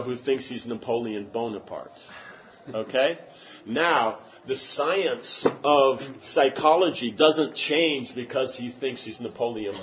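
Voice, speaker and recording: A man's voice: medium pitch, dull audio, slight background noise. A man teaching a class and answering questions, talking in an emphatic, rambling way with many restarts. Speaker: spiritual teacher.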